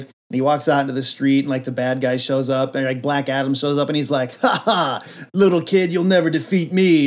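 A man co-hosting a casual podcast, joking, laughing often and acting out silly voices for characters. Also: medium pitch. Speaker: podcast co-host. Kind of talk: casual comedic chat.

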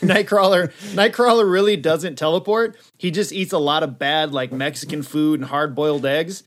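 A man's voice: fairly high pitch, steady tone, moderate pace, a bit bright. A man improvising crude comedy bits with friends, laughing often and jumping into silly character voices.

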